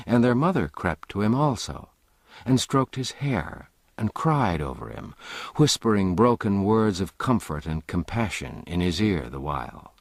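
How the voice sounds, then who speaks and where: Slow, expressive male audiobook narrator. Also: low voice, creaky, no echo, studio quality. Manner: measured, expressive storytelling. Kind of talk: classic novel narration.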